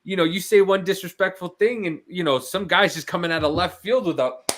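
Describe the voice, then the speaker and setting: A man's voice: high-pitched, a little fast. A man co-hosting a casual podcast, telling stories and acting out quotes in other people's voices. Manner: animated storyteller, puts on voices when quoting others. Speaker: podcast co-host. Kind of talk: casual chat.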